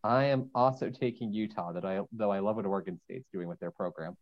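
Measured man on a dull call line. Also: on the low side. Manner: measured, explains his picks. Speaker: panelist. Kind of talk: casual podcast chat.

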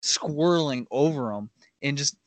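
A man's voice: on the high side, measured pace, no echo. Easygoing man co-hosting a podcast. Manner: easygoing, agreeable, laughs while talking. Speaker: podcast co-host. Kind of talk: casual chat.

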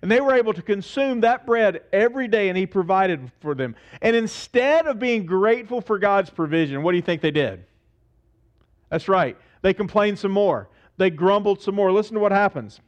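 High-voiced animated male pastor. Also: normal speed. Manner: animated preaching, acts out voices. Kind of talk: sermon.

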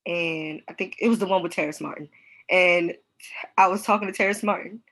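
A woman's voice: fairly low pitch, steady tone, a little fast, a bit bright. A woman from Baltimore with a mild Baltimore accent, hosting a casual interview and laughing often. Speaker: podcast host.

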